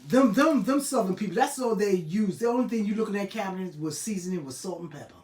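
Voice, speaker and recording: A woman's voice: medium pitch, animated, fast talker, darkish tone. An older woman hosting a live stream, chatting casually and fondly reminiscing, greeting viewers as she goes. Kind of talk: casual chat. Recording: roomy and distant from the mic.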